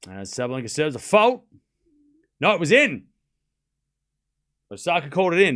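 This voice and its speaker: A man's voice: on the high side, big pitch swings, moderate pace, long pauses, background noise. A young man hosting a live tennis watchalong stream, mixing play-by-play with chatty joking asides. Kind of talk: live streamed match commentary.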